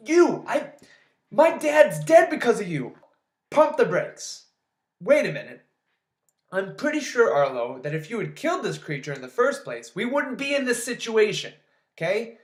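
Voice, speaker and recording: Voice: mid-range voice, reverberant. A movie reviewer recapping a film in a casual, sarcastic, exasperated rant with plenty of swearing.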